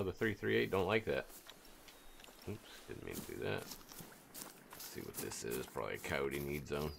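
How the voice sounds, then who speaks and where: A man's voice: extremely low pitch, creaky, slight background noise. A man streaming a hunting game, chatting casually and reading out viewer messages as he plays. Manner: relaxed, chatty, reads out viewer chat. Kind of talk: casual live-stream commentary.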